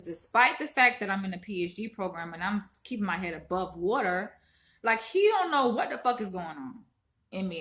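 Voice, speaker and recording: A woman in her twenties from Florida talks straight to her viewers, calling them "y'all" and swearing freely. Her voice is bright and tense, with pitch in the middle range. She is upset and holding back tears as she vents. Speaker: vlogger. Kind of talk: casual venting to camera.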